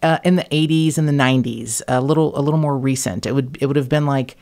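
A woman hosting a podcast in casual chat, talking in an animated, blunt way, swearing freely and laughing between words. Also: a bass voice, fast. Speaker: podcast host.

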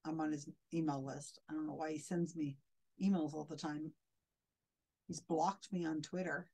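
A woman's voice: deep voice, flat delivery, normal speed, mellow, husky, low-quality recording. A woman commenting critically on a video clip as a skeptic, sounding indignant and often restarting her sentences.

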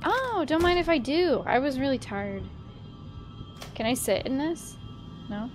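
Woman game streamer, somewhat high-pitched, casual joking commentary, swears a lot, faint background music. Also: lively intonation, measured pace. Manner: loud, profane, joking at the game.

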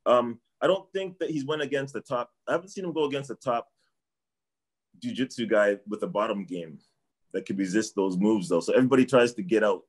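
A man's voice: medium pitch, expressive, a little fast. A middle-aged man from Canada, a martial arts trainer chatting casually as a guest, rambling and repeating himself. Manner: rambling, repeats himself, trails off with "I don't know". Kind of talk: casual sports chat.

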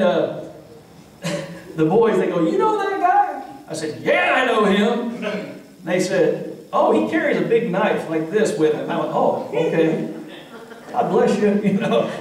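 A male pastor with a Kentucky accent preaching to his congregation in a fairly high voice. He tells stories with animation and reads scripture aloud. The recording is strongly echoey and picked up from well back in the church, with faint room noise. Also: distant mic. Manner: storytelling, animated, talks to the congregation. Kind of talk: sermon with Bible reading. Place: church sanctuary.

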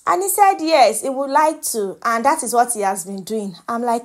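A woman with a Nigerian accent chats her way through reality show gossip in a playful, talkative manner. Her voice sits a little high, and she drops into pidgin now and then. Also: normal speed. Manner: chatty and playful, mixing in pidgin and laughing. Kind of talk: casual gossip commentary.

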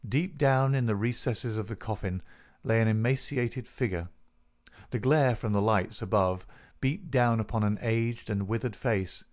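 A man narrating a classic detective story as an audiobook, measured and even. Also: lowish voice. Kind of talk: scripted narration.

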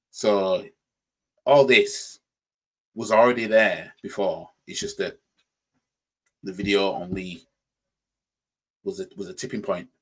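A man's voice: low voice, husky. A man with a Yorkshire accent hosting a reaction channel, talking through his thoughts in a rambling way and repeating words as he goes. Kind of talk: casual reaction commentary.

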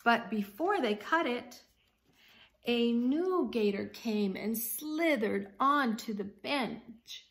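A woman reading a picture book aloud to a child, gentle and slow, stopping to explain. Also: fairly high pitch, expressive. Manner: frequent fillers before reading. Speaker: story reader.

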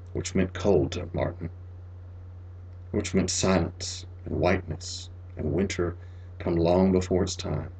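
A man narrating a literary short story as an audiobook, measured and expressive, sinking to a near whisper in the sad passages. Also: low-pitched, gravelly, slightly rough. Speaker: audiobook reader.

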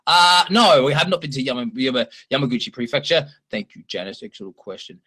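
A man hosting a livestream and answering viewer questions in a chatty, animated way, often laughing. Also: mid-range voice, fast talker, breathy edge. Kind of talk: casual chat.

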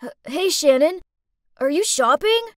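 A dorky, nervous teenage boy in an animated story, as a woman puts him on, stammering and eager to please, his loud voice bouncing high and low. The recording is close and dry. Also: measured pace, no room sound.

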